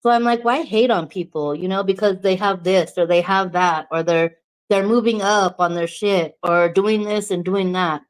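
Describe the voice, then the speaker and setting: A woman's voice: medium pitch, steady tone, moderate pace, rough recording. A woman vlogger from New Mexico chatting casually to the camera, candid, swearing freely and laughing often.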